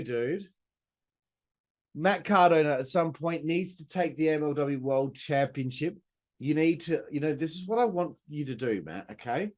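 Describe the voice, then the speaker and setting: A man talks through a wrestling event as a podcast host, and his voice sits a little high. He is casual and excitable, drops in swear words and throws in side comments. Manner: chatty and enthusiastic, swears, with asides and laughs.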